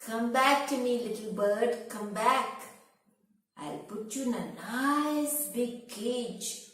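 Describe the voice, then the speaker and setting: A woman's voice: on the high side, slow. A woman voicing a greedy, bossy rich man in a storybook reading, pompous in manner. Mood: coaxing. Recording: echoey room, voice from far off.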